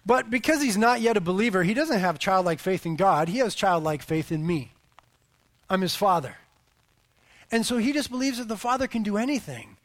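His voice sits high as a pastor in his thirties preaches at a moderate pace. He animatedly weaves in family stories, and his voice swells for emphasis.

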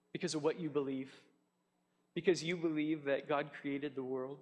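A man's voice: on the high side, a little fast, muffled recording. A man preaching a sermon as pastor, earnest and emphatic, often repeating his points. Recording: long hall reverb.

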